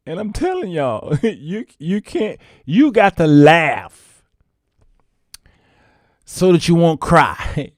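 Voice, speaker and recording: A man's voice: a little high, sing-song, slow pace, long pauses, a little mellow, no room sound, studio quality. A man hosting a casual livestream, talking folksy to his viewers and laughing often. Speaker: show host.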